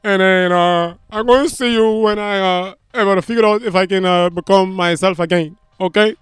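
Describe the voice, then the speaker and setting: A man's voice: high-pitched, steady tone, moderate pace, clear, resonant tone, no room sound, clean studio sound, pitched above the performer's own voice, lightly acted. A comedian putting on a boastful man with a put-on Dominican-style accent, calling the listener papi and baby. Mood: worried. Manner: swaggering, rambling, calls listener papi and baby. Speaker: stand-up comedian.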